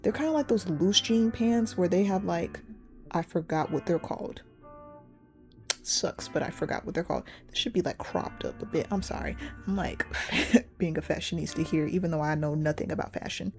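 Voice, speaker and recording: A young woman reading a story game aloud and reacting in an animated, giggly, slangy way. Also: on the low side, moderate pace, faint music behind. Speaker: gamer playing a story game.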